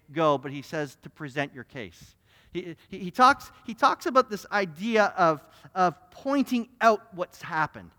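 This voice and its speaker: Guy pastor preaching, pretty high voice, keeps restarting words, big echoey church. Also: a bit bright. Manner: repetitive restarts, acting out little scenes. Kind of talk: sermon. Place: church sanctuary. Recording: long reverb in a church hall.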